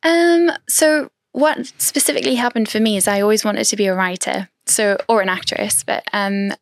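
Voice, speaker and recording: A woman's voice: mid-range voice, normal speed, dry recording. A woman in her thirties, from South Africa, guests on a podcast. She talks openly and chattily, with light laughs between thoughts. Her voice sits mid-range and sounds dry and close. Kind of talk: casual interview chat.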